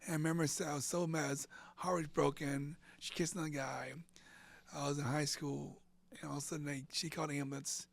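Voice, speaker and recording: Gravelly higher-voiced man in his fifties. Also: brisk, no echo. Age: 50s. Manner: animated, acts out quoted voices, repeats words. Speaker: interview guest. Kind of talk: emotional personal storytelling.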